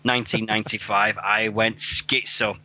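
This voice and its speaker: A man from Sheffield with a Sheffield accent, hosting a casual radio chat, excitable and swearing freely. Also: fairly low pitch, normal speed, slight background noise. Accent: Sheffield English. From Sheffield, England. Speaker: radio show host. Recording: internet radio show.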